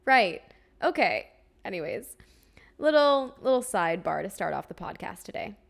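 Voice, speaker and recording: A young adult woman hosting a solo podcast, chatting casually with frequent fillers and laughter. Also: on the low side. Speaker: podcast host.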